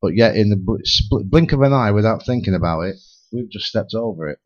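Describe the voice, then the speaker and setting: A man's voice: fairly low pitch, brisk. A man speculating at length on a community radio talk show, talking in restless bursts with many restarts. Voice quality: lively, theorizing, many restarts. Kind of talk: rambling speculative radio chat. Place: radio studio. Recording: lo-fi radio broadcast.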